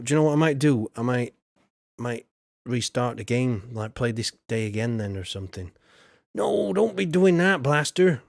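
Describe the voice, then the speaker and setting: A man's voice: medium pitch, a little mellow, no room sound. A man chats loosely over his gameplay, greeting viewers by name and thinking aloud as he fiddles with settings. His voice sits in a medium register and comes through a close, dry mic with no room sound. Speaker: streamer. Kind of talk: casual gameplay commentary.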